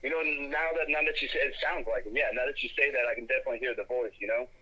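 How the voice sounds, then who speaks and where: A man's voice: mid-range voice, very fast, pushed and bright, slightly rough, highs cut off. A man who is a podcast guest, talking in laid-back casual chat, swearing casually and repeating himself.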